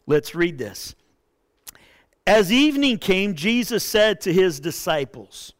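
Male pastor, expressive sermon delivery with impassioned peaks; clear, resonant voice. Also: sits high. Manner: expressive preaching, rises to impassioned pleading.

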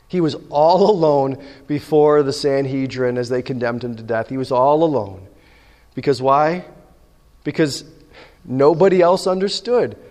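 A man preaching in a lively storytelling way, acting out the lines of the people in his story. His voice sits a little high for a man. The sound rings with a long reverb, as in a large church. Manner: animated storytelling, acting out dialogue. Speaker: pastor. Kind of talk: sermon.

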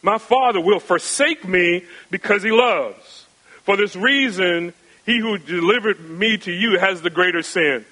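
Preaching an expository sermon, a man with a bright, forceful, fairly high voice takes an unhurried pace. His delivery rises and falls between loud and hushed stretches, built on rhetorical questions and emphatic repetition, in a rough recording.

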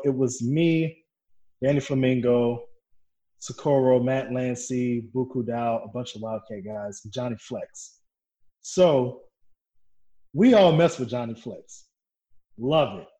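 A pro wrestler guest shares backstage stories in a casual interview, animated, laughing and swearing as he goes. His voice is mid-range.

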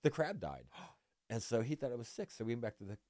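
A middle-aged man from Northern California, a guest cartoonist telling lively stories in a casual interview and acting out other people's lines. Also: mid-range voice, fast talker, dry recording, studio quality. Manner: lively anecdote teller who acts out other people's lines.

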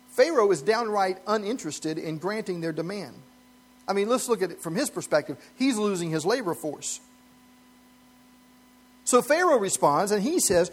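A man pastor delivering a sermon in an earnest, emphatic preaching manner, chuckling lightly now and then. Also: high-pitched.

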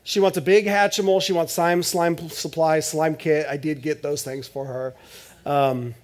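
A male pastor preaching a sermon in church in a conversational, joking way, swinging between loud bursts and hushed asides. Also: fairly high pitch, steady tone, moderate pace.

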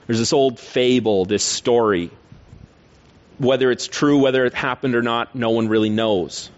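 A man's voice: mid-range voice, steady tone, normal speed, highs cut off. Earnest male preacher asking rhetorical questions. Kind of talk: sermon.

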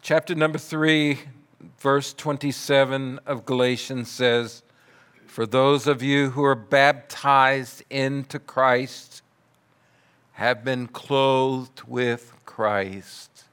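A man preaching a sermon, telling a story in a measured way and dropping to soft, quiet passages. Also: medium pitch, fairly even intonation, clear, resonant tone. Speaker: pastor.

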